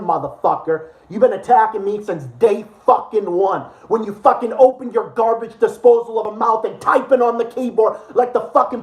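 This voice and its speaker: A male streamer in a full angry rant, swearing nonstop. He repeats his insults over and over, his voice heated and combative. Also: sits high. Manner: furious, profane, insulting, repetitive. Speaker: livestream host.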